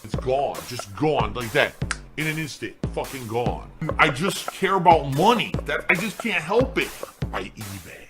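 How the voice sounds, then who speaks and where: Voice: mid-range voice, big pitch swings, measured pace, over music. A voice from a played clip, talking in a mocking way.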